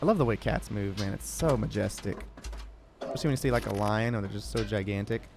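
A young man giving live gameplay commentary as a streamer, with sudden loud excited exclamations between quieter musing. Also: on the low side, quick pace, music in the background. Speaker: gaming streamer.

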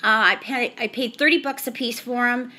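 Middle-aged lady rambling thru her family room tour, bright crisp voice, handheld cam. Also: on the high side, steady tone, moderate pace. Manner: chatty, rambling, frequent "so anyhow". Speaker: home decor vlogger. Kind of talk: casual home tour.

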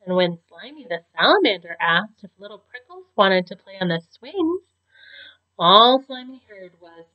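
Woman teacher, picture-book read-aloud, lively pitch, muffled lo-fi sound. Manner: slow, expressive storytelling.

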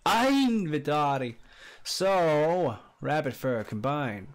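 A man streaming a survival game live, chatting with viewers and reacting excitedly as he plays. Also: normal speed. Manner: excitable, chatty, greets viewers, bursts into high squeals and laughs. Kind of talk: casual live-stream commentary. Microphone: desk condenser mic.

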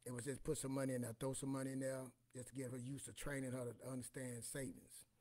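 Husky-voiced man telling life stories. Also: mid-range voice, flat delivery, quick pace, a little mellow. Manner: rambling, repeats "you know what I'm saying". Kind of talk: casual storytelling monologue.

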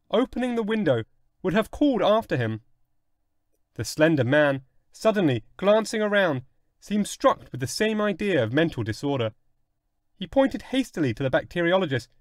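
A male narrator giving an expressive, dramatic reading of a classic story. His voice sits fairly high for a man and rises and falls widely. The recording is dry and close, with no room echo. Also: moderate pace. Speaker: audiobook narrator.

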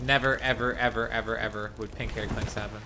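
A man's voice: fairly low pitch, little pitch movement, quick pace, noisy background. A man streaming a game live, casually chatting and teasing his chat. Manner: playful, teasing, reads chat aloud.

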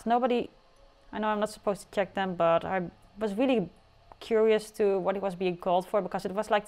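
A woman casually narrating her life simulation gameplay in a chatty, teasing way, with playful outbursts. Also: medium pitch. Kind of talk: casual game commentary. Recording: faint music behind.

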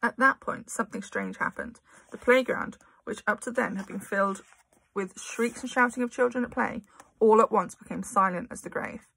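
Husky, gravelly woman reading aloud. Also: mid-range voice, normal speed. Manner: lively expressive storytelling. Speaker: narrator. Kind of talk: audiobook reading of a children's novel.

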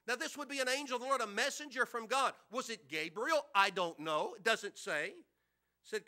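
A man's voice: extremely high pitch, expressive, fairly quick, sharp tone. A man pastor preaching a sermon in a church, conversational, with rhetorical questions and repeated words.

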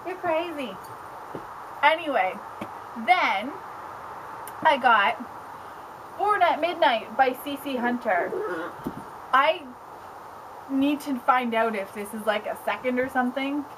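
A young woman book blogger chatting casually on camera at home, excitable and rambling, with lots of "like". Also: sits high, slow pace, pauses often, background noise. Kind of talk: casual vlog chat. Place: home with pets around.

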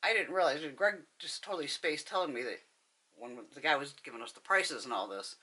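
A woman's voice: low-pitched, a little fast, bright, forceful tone, breathy edge. A woman beauty vlogger telling a blunt, profane story with frequent laughter while doing her makeup.

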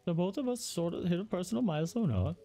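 A man voicing a flamboyant middle-aged male builder salesman in a sing-song, smarmy sales pitch. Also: animated, fast talker, mellow, faint music behind.

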